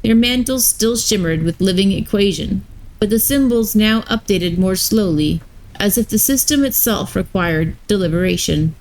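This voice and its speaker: A woman streamer reading a story aloud live, slow and measured, with brief asides to her chat. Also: mid-range voice, a little mellow, rough recording.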